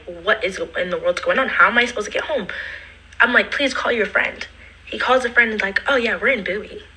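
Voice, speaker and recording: A young woman casually retells a personal story in an animated way, acting out the quotes and slipping into whispered asides. Her mid-range voice has a breathy edge, and the audio is poor.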